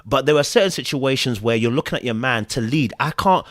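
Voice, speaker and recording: Podcast co-host, man, lively and chatty, dry recording. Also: mid-range voice, a little fast, dry recording. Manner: animated, acts out little voices, repeats words. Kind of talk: casual commentary chat.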